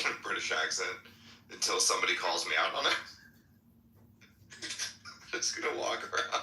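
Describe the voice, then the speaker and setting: A man's voice: low-pitched, pushed and bright. A man co-hosting a podcast in casual chat, swearing casually and laughing often. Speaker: podcast co-host. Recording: roomy echo, faint noise.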